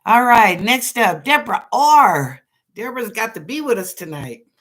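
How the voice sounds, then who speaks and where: A psychic reader hosting a live show, giving quick readings to viewers in a folksy, chatty, reassuring way and laughing often. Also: medium pitch, expressive, fairly bright tone.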